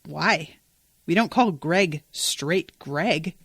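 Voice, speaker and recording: A woman voicing an unbothered, laid-back young man who speaks flat and deadpan. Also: sits low, drawn-out words, husky, no room sound, clean studio sound, pitched below the performer's own voice, exaggerated voice.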